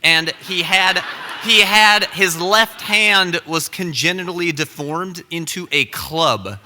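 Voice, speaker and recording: Young man, live storyteller, comic and self-deprecating, very bright voice, reverberant hall. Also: high voice, slow, slight background noise. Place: stage at a story slam.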